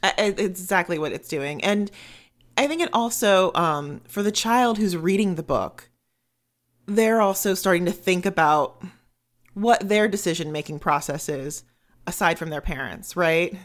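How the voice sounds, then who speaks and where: A woman's voice: on the low side, moderate pace. A woman co-hosting a casual book podcast, talking in a chatty, eager way and rattling off lists.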